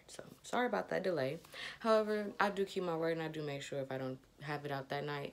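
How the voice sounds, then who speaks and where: A woman's voice: rumbling low, vocal fry. A young woman talking casually to her viewers as a vlogger, chatty and upbeat, with a slight lisp and frequent fillers. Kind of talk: casual chat to camera.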